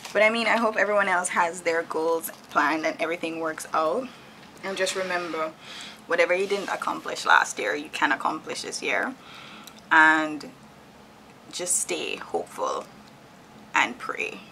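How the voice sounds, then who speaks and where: Chatty gravel-voiced woman from Jamaica. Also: fairly low pitch, normal speed, sharp tone, a little hiss or hum, poor audio. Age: 30s. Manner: chatty and candid, laughs often. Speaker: vlogger. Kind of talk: casual chat while decorating.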